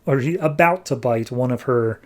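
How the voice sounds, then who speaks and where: A man's voice: medium pitch, moderate pace. A man hosting a comics podcast, recapping an issue in a loose, conversational way with plenty of fillers. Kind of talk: casual comic book recap.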